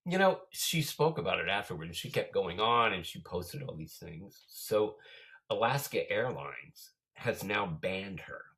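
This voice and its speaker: A man's voice: low voice, a little slow, low-quality recording. A man chatting casually, telling rambling anecdotes with lots of fillers. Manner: rambling anecdotal storytelling, animated. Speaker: podcast host. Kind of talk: casual chat.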